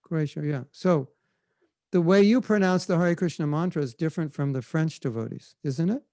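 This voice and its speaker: Guy on a zoom call telling a story, easygoing, kinda high voice, dry close sound. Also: normal speed, no echo. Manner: relaxed, conversational, demonstrates chanting. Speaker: spiritual teacher answering questions. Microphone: video call.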